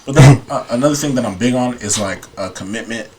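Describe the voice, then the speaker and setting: A man's voice: medium pitch, quick pace, crowd noise. A man in his thirties, a podcast guest, telling a story in an earnest, matter-of-fact way in casual chat. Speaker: podcast guest, paranormal investigator.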